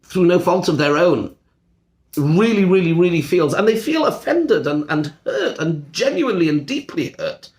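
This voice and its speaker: A man's voice: high-pitched, expressive, moderate pace, a little mellow. A middle-aged man, a rabbi, giving a discussion-style lecture to a class, emphatic and repeating words as he thinks. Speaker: rabbi teaching a seminar class.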